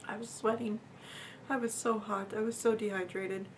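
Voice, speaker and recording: A woman of medium pitch and flat delivery tells an earnest personal story, stumbling casually through fillers and repeats. Her voice sometimes drops to nearly a whisper, over a little hiss or hum.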